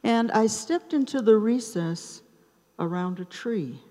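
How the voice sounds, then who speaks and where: A woman in her seventies telling a personal story at an open mic night in a theater, taking her time with dramatic pauses between short phrases. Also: medium pitch, lively intonation, dark tone. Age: 70s. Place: theater stage. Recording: reverberant live theater sound.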